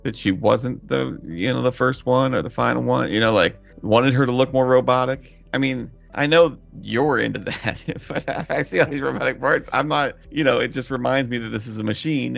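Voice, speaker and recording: A man's voice: mid-range voice, vocal fry, fairly bright tone, highs cut off. A man co-hosting a podcast, laughing often and teasing skeptically in casual chat. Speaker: podcast co-host.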